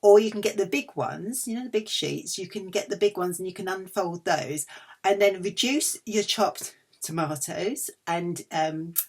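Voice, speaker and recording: Chatty husky woman vlogger. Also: mid-range voice, moderate pace. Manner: cheeky, chatty, self-mocking. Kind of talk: chatty food haul vlog.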